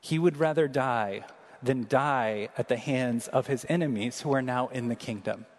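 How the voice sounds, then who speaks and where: A man preaching an earnest, emphatic sermon, slowing down to read scripture aloud. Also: mid-range voice. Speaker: pastor. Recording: long reverb of a large hall.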